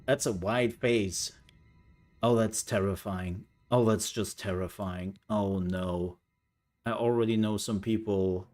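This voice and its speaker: A man's voice: on the low side, fairly even intonation, takes it slowly, a little mellow, soft background music. A young man giving casual, playful let's-play commentary, rambling through jokey reactions as he plays. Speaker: gameplay streamer.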